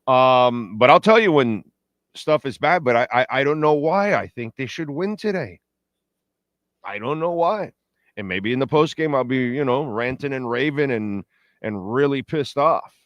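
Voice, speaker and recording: A man's voice: mid-range voice, lively intonation, moderate pace, fairly bright tone, dry recording, muffled recording. A man hosts a casual pregame sports show with a mid-range voice, talking in loose, opinionated, rambling fan banter. He chats straight to his listeners and reads their messages aloud. The sound is dry and close, with no room around it. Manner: reads the chat board and talks to listeners. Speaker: sports radio show host.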